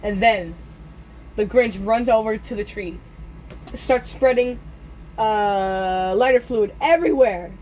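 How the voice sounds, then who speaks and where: A teenage boy telling a story in a casual, animated way, often jumping into loud character voices. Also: high voice, slow, pauses often, a little hiss or hum, rough recording.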